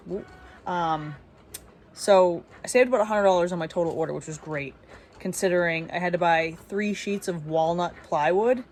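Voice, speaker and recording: Her voice is lowish, with a little hiss or hum. A young woodworker and small business owner, she vlogs casually from her small shop, chatty, cheerful and quick to laugh at herself.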